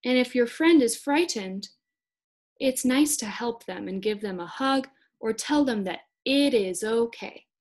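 A young woman in her twenties leads a read-aloud lesson for small children. She talks slowly and gently in a slightly high voice. She keeps coaxing the kids to join in. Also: animated. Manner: slow, gentle, encouraging, speaks to young children. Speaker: speech-language pathology student teacher.

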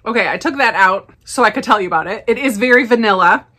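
A woman chatting casually as she unboxes and tastes snacks, upbeat and quick to laugh. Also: medium pitch, sharp tone, breathy edge. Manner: chatty, enthusiastic, frequent laughs. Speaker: snack reviewer. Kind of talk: casual unboxing and tasting vlog.

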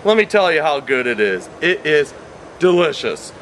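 A man's voice: a little high, very animated, moderate pace, a bit bright, a little hiss or hum. A man teaching a science lesson in a chatty, playful way, repeating key points and drifting into tangents. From Wisconsin.

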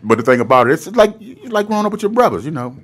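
A man hosting a casual live-stream chat, talking fast and slangy with hype. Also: a little high, sing-song, a bit bright. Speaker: host.

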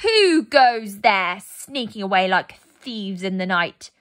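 A woman's voice: mid-range voice, animated, slow, a bit bright. A woman voicing a cold, furious ice queen in a storybook reading, hissing and snarling. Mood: menacing.

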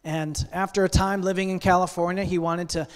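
A man preaching a sermon, earnest and deliberate, building intensity through a long story. His voice sits a little high for a man. A long reverb rings around him in the sanctuary. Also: level tone, smooth. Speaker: pastor. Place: church sanctuary. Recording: long church hall reverb.

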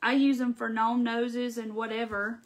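A woman's voice: fairly high pitch, flat delivery, normal speed. A woman with a Southern American accent hosting a live craft tutorial, chatting in a folksy way straight to her viewers.

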